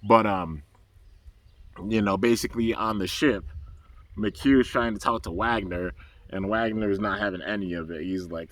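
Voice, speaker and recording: A man casually recapping an animated episode in a loose, rambling way, full of fillers and bursts of excitement. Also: lowish voice, measured pace, dry recording. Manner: rambling, loose and enthusiastic, full of "um" and "you know". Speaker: anime episode reviewer.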